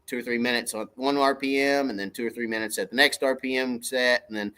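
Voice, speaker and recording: A fast-talking middle-aged man hosts a casual fishing livestream, his medium-pitched voice steady, clean, pushed and bright. In a folksy, meandering way, he says hello to viewers by name.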